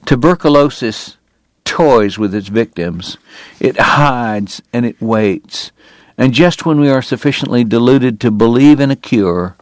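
Male audiobook narrator, measured, lowish voice. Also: no echo. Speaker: audiobook reader. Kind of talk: scripted narration.

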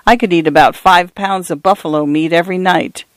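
A man reads an old grandfather who crossed the plains long ago, telling his stories slowly and always the same way. The voice sits a little high and sounds close and dry. It stays plain storybook reading rather than a big character voice. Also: fairly even intonation, no room sound, natural voice. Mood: reminiscing. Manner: slow, repeating old stories. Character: old pioneer grandfather, rambling and fond.

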